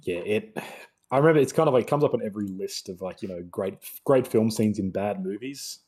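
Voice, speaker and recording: A man's voice: fairly low pitch, a little fast, a little mellow. A young man ranting sarcastically in a casual film review chat. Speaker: podcast co-host.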